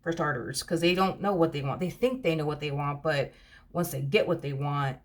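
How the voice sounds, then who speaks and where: A woman with a notably low-pitched voice talks through a tarot reading in a loose, conversational way. She rambles, circles back on her points and leans on fillers as she goes. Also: moderate pace. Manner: chatty, rambling, many fillers and "you know". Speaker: tarot reader. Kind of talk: casual tarot reading monologue.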